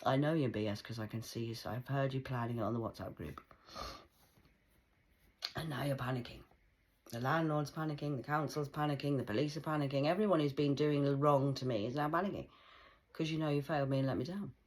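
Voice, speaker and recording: A woman's voice: rumbling low, brisk. A woman in her forties ranting bluntly in a heated casual monologue, swearing often. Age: 40s. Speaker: vlogger.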